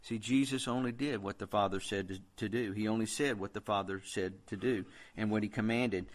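A man's voice: on the low side, fairly even intonation, a little fast. A man preaching a sermon in an earnest, conversational way, quoting scripture as he goes.

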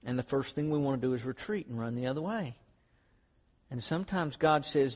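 A man's voice: medium pitch, lively intonation, brisk, darkish tone. A man preaching a sermon in an earnest, conversational storytelling way. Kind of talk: sermon with closing prayer. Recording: dull lo-fi sound in a reverberant hall.

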